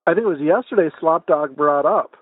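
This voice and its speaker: A man's voice: fairly high pitch, a little fast, in a large hall. A man co-hosting a podcast, telling a story in casual chat and hesitating with fillers, recorded over a phone. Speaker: podcast co-host. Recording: muffled phone call, dry.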